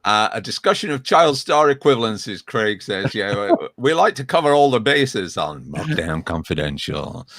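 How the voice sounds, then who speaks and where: Man host, low and lively pitch, dry sound, relaxed wry interviewer. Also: moderate pace, few pauses, dry recording. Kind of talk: casual interview chat.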